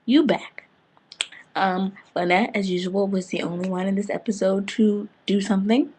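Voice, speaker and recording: A woman excitedly recapping a TV episode in casual slang, breaking into loud outbursts. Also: mid-range voice, moderate pace, a little hiss or hum. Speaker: TV fan reviewer.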